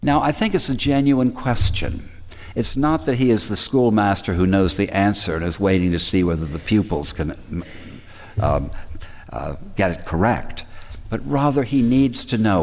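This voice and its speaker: Low-voiced man preaching in a reverberant hall. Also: a little mellow. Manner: thoughtful, measured, with pauses and restarts. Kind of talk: reflective sermon.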